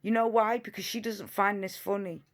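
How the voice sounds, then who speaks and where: A woman's voice: mid-range voice, steady tone, moderate pace. A woman giving reaction commentary on video clips, emphatic and indignant, repeating her points, sometimes sarcastic.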